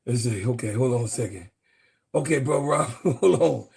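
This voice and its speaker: A man hosting a sports channel, ranting in a profane, excitable way and laughing through his talk. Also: fairly high pitch, moderate pace, vocal fry, slightly rough.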